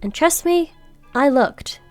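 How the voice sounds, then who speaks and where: High-voiced excitable gaming woman. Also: slow pace, soft background music. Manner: chatty and excitable, squeals when startled. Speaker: gaming video creator. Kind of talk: gameplay commentary.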